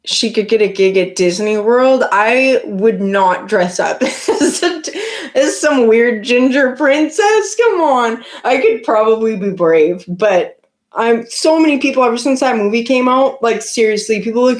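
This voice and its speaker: A woman's voice: on the high side, animated, unhurried. A Canadian woman hosting a casual live stream, chatting with viewers in a rambling way full of likes and restarts. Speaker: livestream host.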